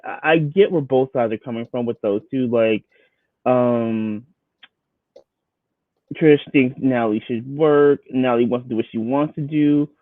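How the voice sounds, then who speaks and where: A man's voice: medium pitch, a little slow, no echo. A man in casual podcast commentary, chatty and prone to stammered restarts. His voice comes through thin and phone-like, with a dry, close sound and no room around it. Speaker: podcast co-host.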